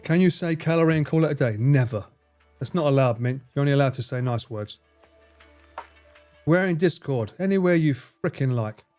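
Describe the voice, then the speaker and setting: A man's voice: medium pitch, lively intonation, normal speed, a little mellow, soft background music. A male streamer chatting casually with his viewers, joking, swearing and trying out accents. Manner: profane, jokey, tries out accents.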